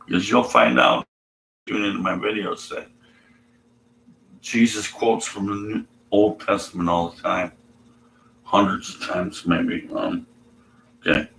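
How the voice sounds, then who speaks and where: A man's voice: low voice, fairly even intonation, measured pace, vocal fry, pauses often, a bit bright, roomy sound, slight background noise, poor audio. A man ranting sarcastically and profanely while reading scripture aloud. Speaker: atheist video commentator.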